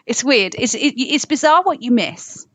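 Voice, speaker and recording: A woman's voice: high-pitched, animated, no echo. A woman with a southern English accent, a singer chatting as a podcast guest in a bubbly, rambling way. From England, London. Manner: bubbly, rambling, quick asides. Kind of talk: casual podcast chat.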